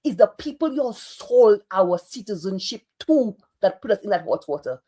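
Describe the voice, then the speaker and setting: A woman's voice: mid-range voice, expressive, moderate pace, warm tone, breathy edge. A Saint Lucian woman giving online political commentary in an exasperated, sarcastic, scolding way.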